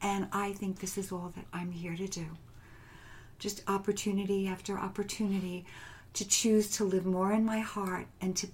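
A woman with a mid-range voice speaks softly and reflectively as an interview guest, recounting personal experiences. Her delivery is gentle, often sinking into a hushed whisper, with light laughter. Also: mid-range voice, a little hiss or hum. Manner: soft-spoken, often drops into a hushed whisper. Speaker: guest, transformational coach. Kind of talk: heartfelt personal storytelling interview.

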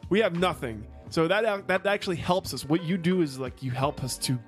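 A man's voice: a little high, lively intonation, normal speed. Male podcast co-host, casual and profane banter, faint music bed. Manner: loose, swearing, joking banter. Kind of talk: casual chat.

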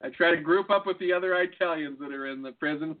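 A man co-hosting a casual podcast, talking loose and profane with frequent laughs. His voice sits a little high for a man. It comes through thin and tinny, like a phone line. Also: fast. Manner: loose, swearing, laughing often. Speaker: podcast co-host. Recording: phone-like lo-fi sound.

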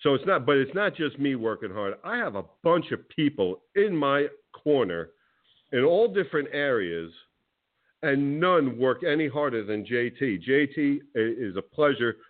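A man's voice: medium pitch, very animated, moderate pace. A male talk radio host ranting combatively at a rival, then welcoming his co-host. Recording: phone-line audio.

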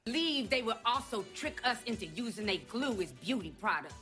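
A woman's voice: on the high side, animated, brisk, pushed and bright. An actress playing a brash young woman in a comedy sketch commercial parody, with an exaggerated put-on slang delivery. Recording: broadcast clip with faint music.

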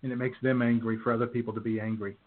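A man's voice: medium pitch, flat delivery, very fast. A man co-hosting a comedy show in easygoing, chuckling banter, on a tinny phone-like recording with faint noise. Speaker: radio comedy co-host.

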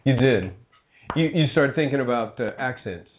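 A man's voice: medium pitch, animated, moderate pace, a little hiss or hum. A man co-hosting a casual talk show, joking and teasing his co-host and guest. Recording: tinny phone-like sound.

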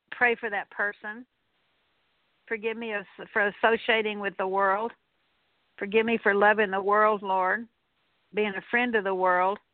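On a radio broadcast, a woman minister leads a deliverance prayer, making earnest, repetitive declarations with the occasional filler. Her pitch is medium and the recording is dry, with a tinny, narrow-band radio sound.

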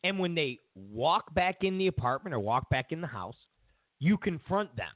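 A man's voice: a little high, big pitch swings, normal speed, no echo. A man hosting a political talk show, delivering an emphatic, opinionated monologue full of sarcastic hypotheticals. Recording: tinny phone-like audio.

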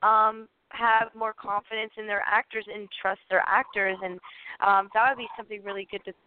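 A woman's voice: medium pitch, level tone, moderate pace, slight background noise. Agreeable woman host on a tinny line. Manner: agreeable, many "yeah" and "um" fillers. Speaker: podcast host. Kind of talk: casual podcast chat. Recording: tinny dry phone-like line.

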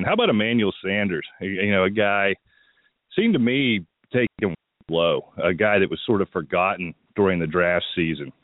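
A man's voice: low-pitched, dry recording. A man hosting a fantasy football radio show, giving opinionated player advice in a casual talk-radio style with a bit of morning voice. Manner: opinionated, thinks aloud with restarts. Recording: tinny phone-line sound, dry.

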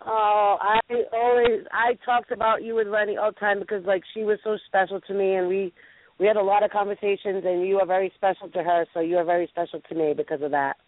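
A woman hosting a call-in radio show, chatting casually in an excitable, gushing way. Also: mid-range voice. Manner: excitable and gushing, quick laughs. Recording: tinny phone-quality line with faint hiss.

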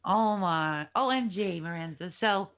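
A woman hosting a podcast, telling a story in an animated, casual way with swearing and lots of fillers. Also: fairly low pitch, unhurried. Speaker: podcast host. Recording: tinny phone-like line.

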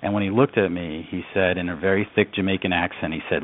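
Deep-voiced man telling a story by phone. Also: steady tone, fast, slight background noise. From upstate New York. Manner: earnest, reflective storyteller. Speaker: guest. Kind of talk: storytelling in a radio interview. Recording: phone-line audio.

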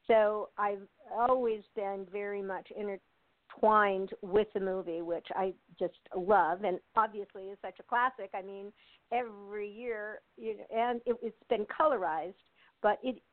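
A woman's voice: medium pitch, steady tone, a little slow, no room sound. Older woman chatting over a phone line. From United States. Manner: chatty, laughs often, many fillers and restarts. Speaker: actress, interview guest. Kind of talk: casual interview chat. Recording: tinny dry phone line.

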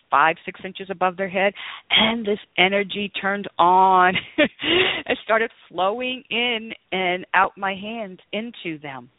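A woman's voice: medium pitch, no room sound. A woman, a guest author, telling personal stories in an earnest, exclamatory way during an interview. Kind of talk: storytelling interview talk. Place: in Las Vegas. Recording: tinny phone line, dry.

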